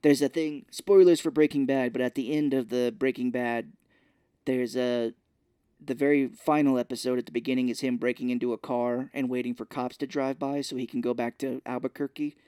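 A man co-hosting a podcast, casually retelling a film's scenes and slipping into quick voices for the characters. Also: mid-range voice, fairly even intonation, warm tone, clean tone, no echo, clean studio sound. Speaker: podcast co-host. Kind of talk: casual movie recap chat.

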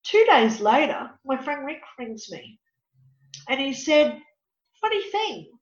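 Woman medium and counsellor, higher pitch, animated, recorded in a roomy space. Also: slow. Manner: animated, dramatic storytelling. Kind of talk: storytelling in an interview. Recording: echoey, dull lo-fi room.

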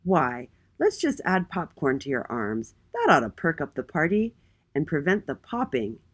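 A woman doing a booming regal king. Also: wildly swooping pitch, moderate pace, slightly rough, full character voice. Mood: regal, jolly. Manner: loud, proud and warm. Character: regal booming male king, kind and jolly.

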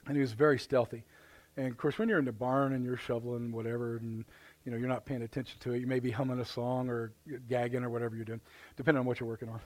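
Here the same Midwestern-accented pastor delivers his live sermon quickly, his medium pitch held at a level tone. In the church sanctuary he tells folksy stories, performing voices and exclamations.

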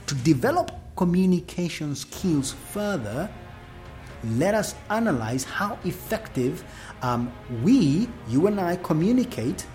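A woman's voice: low-pitched, mellow. A woman giving a motivational talk on family, preachy and full of questions to the listener, with faint music behind. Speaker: speaker on family relations.

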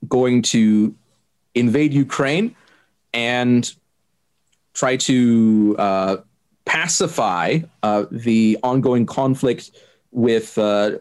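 A man answering interview questions, laying out his view in a careful, measured way and pausing often with hesitant fillers. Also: medium pitch. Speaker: interviewee explaining politics. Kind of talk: unscripted explanatory interview.

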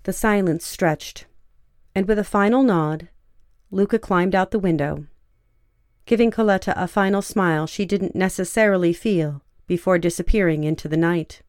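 A woman narrating a fiction story in a measured, even storytelling way. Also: fairly low pitch, clear, resonant tone, no echo, clean studio sound.

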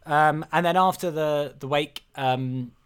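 A man's voice: fairly high pitch, a little slow, clean tone. A man in a casual film discussion, talking hesitantly with many ums and uhs.

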